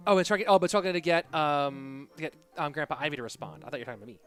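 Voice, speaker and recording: A man casting an online game tournament live, calling plays in a chatty, excitable way and thanking viewers from the chat by name. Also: fairly high pitch, rapid-fire, clean tone. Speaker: esports caster and streamer. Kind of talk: live game commentary mixed with chat reading. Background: background music.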